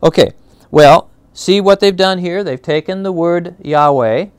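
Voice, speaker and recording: A man's voice: high-pitched, a little slow, clear, resonant tone, no echo. Man teaching a Bible class, dry sound. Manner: conversational, stops to check understanding with "okay?"; searches aloud for words, with fillers and restarts.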